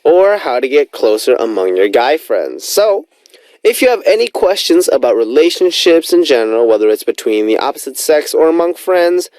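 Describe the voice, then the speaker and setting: A man's voice: very animated, moderate pace, darkish tone, no echo, poor audio. A man in his twenties hosting a radio music show, upbeat and enthusiastic in a studio. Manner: bouncy, enthusiastic, big pitch swings. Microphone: studio microphone.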